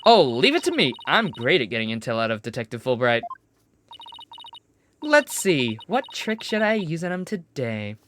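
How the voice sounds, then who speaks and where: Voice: mid-range voice, wildly swooping pitch, moderate pace, noisy background. A streamer voicing a bubbly young woman lawyer. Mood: eager. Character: upbeat young woman defense attorney. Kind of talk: reading game dialogue aloud.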